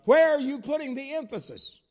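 An older man preaches in a high, bright voice. He tells homespun stories in plain country grammar. He swings between loud exclamations and hushed asides. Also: expressive, a little fast. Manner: folksy storytelling with plain southern-style grammar. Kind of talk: sermon.

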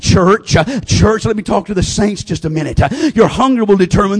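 A man preaching at a revival, his voice set high for a man and carrying a husky, breathy grain. He drives his points home by repeating phrases and throwing questions straight at the congregation. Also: normal speed, hardly any pauses. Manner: repetitive, call-and-response preaching. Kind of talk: sermon.

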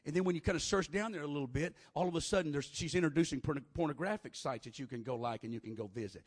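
A man preaching a sermon, moving from quiet conversational talk to loud, shouted preaching with lots of "uh" fillers. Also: on the high side, racing.

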